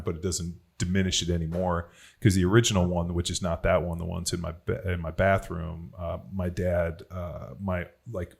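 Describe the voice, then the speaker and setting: A man with a very low, deep voice hosts a podcast and tells personal stories in a relaxed, rambling way. His talk is loose and profane, full of "like" and "you know". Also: normal speed, creaky, husky. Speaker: podcast host. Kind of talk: casual podcast conversation.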